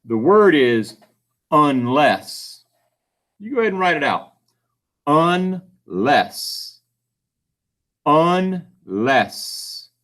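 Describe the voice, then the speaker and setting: A man with a fairly high, very animated voice gives a phonics lesson for children. He talks patiently and slowly stretches each syllable as he sounds words out, rising and falling as if speaking to young learners. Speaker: reading tutor.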